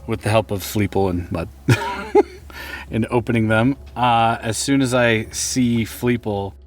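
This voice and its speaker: A man's voice: lowish voice, fairly even intonation, a little slow. A man playing a tabletop game, talking casually and laughing often. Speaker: player.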